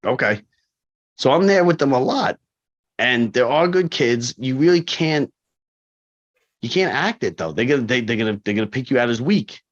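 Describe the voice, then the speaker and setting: A man in his forties, a corrections officer, telling stories in a casual interview, animated and full of fillers. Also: mid-range voice, normal speed, long pauses. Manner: animated, acts out quoted people, frequent fillers. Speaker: corrections officer, podcast guest. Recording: dull lo-fi podcast audio.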